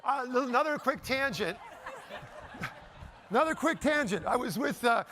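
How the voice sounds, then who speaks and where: A middle-aged man giving a lively talk to a live audience, joking and asking the crowd questions. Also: very high-pitched, moderate pace, a little hiss or hum. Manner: animated, jokey, asks the audience questions. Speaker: motivational speaker. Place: event stage before a live audience.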